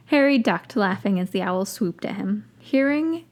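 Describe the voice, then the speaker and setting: A woman's voice: mid-range voice, expressive, moderate pace. A woman hosting a podcast, reading a story aloud and breaking off for wry, dry asides. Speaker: podcast host reading fan fiction.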